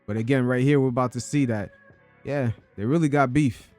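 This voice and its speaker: A man's voice: mid-range voice, brisk, darkish tone, soft background music. A man hosting a podcast, giving casual, joking commentary on an interview clip. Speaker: podcast host.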